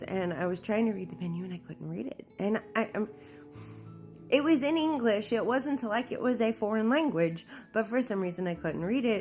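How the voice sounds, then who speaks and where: A woman telling a personal story in a candid, animated way, acting out what people said. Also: mid-range voice. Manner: candid, animated, acts out quoted speech. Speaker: memoir narrator.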